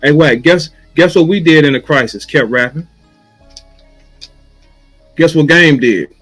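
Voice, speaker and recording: A battle rapper from St. Louis goes off in a profane, mocking rant, his voice sitting a touch high for a man. He taunts his target and slips into a droning imitation of a chant. Faint music runs underneath. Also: measured pace, a bit bright, low-quality recording. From St. Louis, USA.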